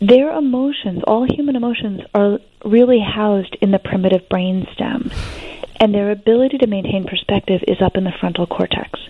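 A woman, a guest expert on adolescence, explaining teenage development in an interview in an animated, reassuring way with frequent fillers. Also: medium pitch, moderate pace, no room sound. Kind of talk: interview conversation. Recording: tinny phone-line sound.

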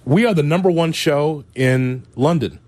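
A man hosting a sports talk radio show with lively, joking banter. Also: fairly high pitch, moderate pace, dry recording. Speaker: radio host.

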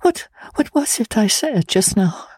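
A woman's voice: a little high, steady tone, a little slow, dark tone, no echo, clean studio sound. A woman reading an audiobook, voicing a frail, frightened young woman near death who speaks in a mournful, wandering, pleading way. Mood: confused.

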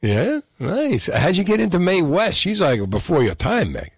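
A man's voice: high voice, huge pitch swings, moderate pace, breathy edge, no room sound, studio quality. A male radio host running a call-in show, joking and bantering energetically. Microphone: studio microphone.

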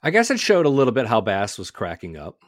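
A man's voice: fairly low pitch, huge pitch swings, fast talker, dry recording, studio quality. A man co-hosting a podcast, recapping a TV show in casual, conversational chat with lots of hedging words. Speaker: podcast co-host.

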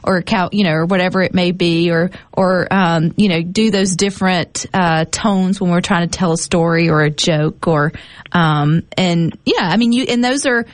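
A woman's voice: lowish voice, normal speed, no room sound. A woman hosting an interview in an upbeat, encouraging, somewhat rambling way. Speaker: host.

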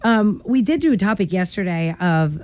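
A woman's voice: mid-range voice, animated, normal speed, a little mellow. A young woman hosting morning radio chat in a studio, bubbly and teasing, laughing often. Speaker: radio show host.

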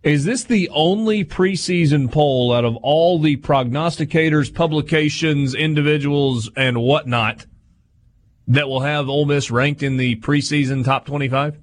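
A man's voice: on the high side, measured pace. A man hosting a sports talk radio show, reading sponsor copy and running down poll rankings while teasing his co-hosts.

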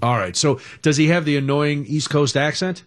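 A middle-aged man, hosting a casual radio talk show in an animated, jokey, opinionated way. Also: a little high, normal speed.

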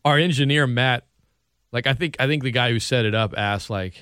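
A man hosting sports talk radio in casual chat, animated and laughing often. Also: medium pitch, brisk, smooth, no echo, clean studio sound.

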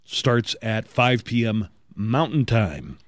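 A man's voice: on the low side, big pitch swings, dry recording. A middle-aged man hosting a morning radio show, trading casual jokes and reading news and listings. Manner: wisecracking, conversational, reads listings briskly.

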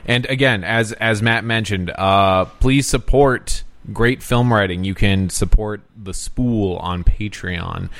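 A man's voice: lowish voice, slow pace, few pauses, fairly bright tone, dry recording. A man hosting a film podcast in casual chat, talking in an earnest, rambling, enthusiastic way. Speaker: podcast host.

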